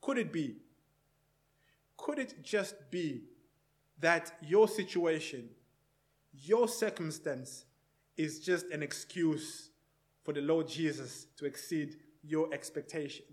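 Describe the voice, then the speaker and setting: A man preaching a sermon at a slow, deliberate pace, his voice sitting a little high for a man. He leans on repeated rhetorical questions, swelling loud for emphasis and then dropping to a hush. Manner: slow, repetitive rhetorical questions, swinging between loud and hushed.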